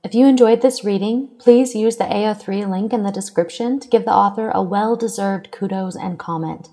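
A woman reading a fan fiction story aloud with expressive narration. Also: mid-range voice, moderate pace, big-room sound.

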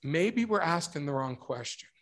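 A middle-aged man delivering a religious talk with a slightly higher voice. He tells stories animatedly and acts out each quote. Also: expressive, normal speed. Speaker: speaker.

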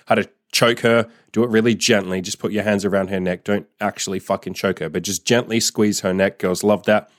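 Laid-back coach guy, lowish voice, swears a lot, dry sound. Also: no echo. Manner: blunt, profane, laid-back. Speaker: dating and sex coach. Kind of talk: casual advice monologue.

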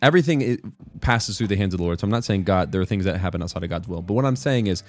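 A man's voice: low-pitched, animated, rapid-fire, darkish tone, faint music behind. A man giving a casual devotional talk, rambling and correcting himself, often checking in with "right?". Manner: rambling, self-correcting, keeps asking "right?". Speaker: worship music commentator.

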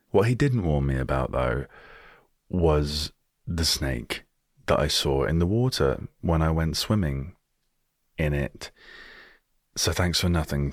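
A man's voice: rumbling low, dry recording, clean studio sound. A British man hosting a solo storytelling podcast, talking with wry, self-deprecating humor. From Britain. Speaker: podcast host.

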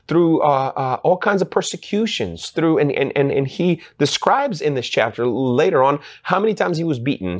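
A man preaching a sermon, halting with frequent restarts and fillers, growing more emphatic and rising in pitch as he presses his points.

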